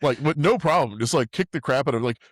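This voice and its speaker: A man's voice: medium pitch, fast talker, dry recording, clean studio sound. A man co-hosting a podcast, casually chatting about a comedy film, swearing and laughing. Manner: profane, laughing, shares trivia. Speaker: podcast co-host. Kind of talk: casual movie recap chat.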